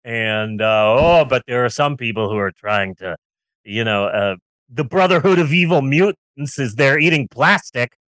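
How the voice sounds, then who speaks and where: A man's voice: medium pitch, expressive, moderate pace, a bit bright, no room sound. A man co-hosting a casual movie-review podcast, ranting sarcastically and riffing with jokes. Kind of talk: casual comedic film review chat.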